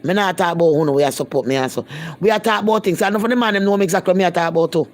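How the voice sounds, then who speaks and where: A woman's voice: on the low side, very fast, a little mellow. A Jamaican woman talking bluntly to viewers in a casual live-stream chat, speaking in patois and repeating herself for emphasis. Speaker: vlogger.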